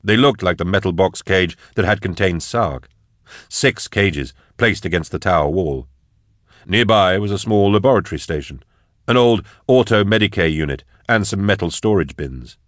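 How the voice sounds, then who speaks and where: A man reads fiction aloud in a steady, measured way. His voice is very deep, recorded close and dry in a studio. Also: dry recording. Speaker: audiobook narrator. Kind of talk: scripted fiction narration.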